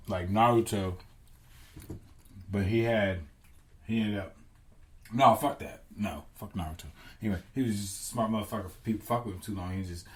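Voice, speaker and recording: A man's voice: fairly low pitch, fairly even intonation, moderate pace, long pauses. A man hosting a podcast, rambling through a comic theory, often stopping to correct himself. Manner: meandering, self-correcting, profane. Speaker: podcast host. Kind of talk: rambling comedic podcast chat.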